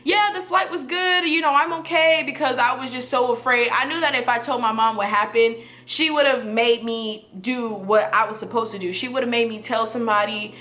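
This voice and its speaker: Young woman vlogger, bright and a bit high, earnest and emphatic, in an echoey room. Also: steady tone, a little fast, few pauses. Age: 20s. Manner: earnest, emphatic, repeats points for stress. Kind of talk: personal storytime to camera.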